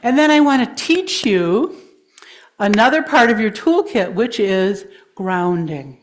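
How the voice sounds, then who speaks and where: A woman with a mid-range voice addresses a congregation, leading a breathing and grounding exercise in a gentle, encouraging way. She laughs easily and warmly invites people to join in. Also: medium pitch, animated, measured pace. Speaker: guest speaker. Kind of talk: guided breathing exercise in a talk. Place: congregation hall.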